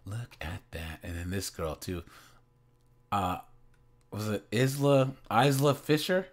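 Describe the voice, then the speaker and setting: A man casually rambling in reaction commentary, speaking slowly and often calling his viewers "guys" and "man". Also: deep voice, big pitch swings.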